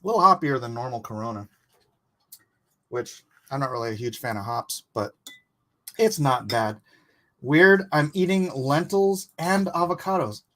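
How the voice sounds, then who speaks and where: A man's voice: medium pitch, fairly bright tone. A man hosting a casual art livestream, chatting loosely and laughing easily while he eats. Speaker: livestream host.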